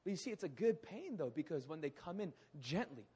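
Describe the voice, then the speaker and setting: A man in his thirties preaching a sermon in a hall, animated, often acting out quoted voices. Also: on the high side, brisk, husky. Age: 30s. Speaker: pastor. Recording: echoey hall.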